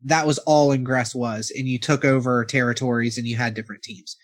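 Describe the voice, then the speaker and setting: A man's voice: mid-range voice, steady tone, brisk, no echo, studio quality. A man co-hosting a gaming podcast in casual, jokey chat. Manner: jokey, mock British accent when reading. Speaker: podcast co-host.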